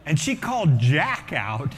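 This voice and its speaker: A middle-aged man, a pastor, telling a story in a sermon with lively energy and acting out the voices of people in it. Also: a little high, a little slow, big-room sound, faint music behind. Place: church auditorium.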